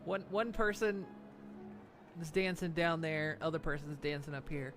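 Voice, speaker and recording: A man's voice: a little high, little pitch movement, normal speed, over music. A man streaming a game, joking, laughing often and chatting casually with his viewers. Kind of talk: casual gameplay chat.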